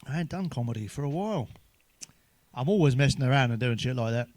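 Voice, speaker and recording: A man's voice: mid-range voice, lively intonation, fast talker, a little mellow, dry recording. A man telling crude jokes in a sweary monologue, chuckling at his own punchlines. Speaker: stand-up comedian.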